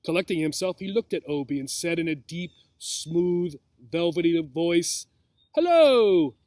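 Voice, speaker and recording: A man reads a children's chapter book aloud in a fairly high voice, telling the story expressively. The sound is close and dry, with no room echo. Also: steady tone, normal speed, a little mellow. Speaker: reader.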